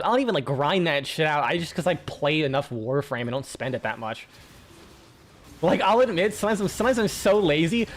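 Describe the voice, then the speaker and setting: Rambling, fairly high-voiced male streamer. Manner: rambling, swears often, many restarts. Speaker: game streamer. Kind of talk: casual gaming chat.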